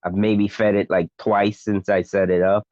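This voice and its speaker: A man co-hosting a casual livestream, reading viewer comments aloud in a relaxed way. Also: lowish voice, moderate pace, no room sound, lo-fi sound. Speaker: co-host reading chat.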